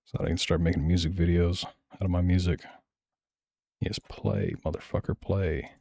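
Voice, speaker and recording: A man's voice: sits low, level tone, normal speed, mellow, dry recording. A man streaming and reacting to videos, blunt and profane, rambling through casual commentary.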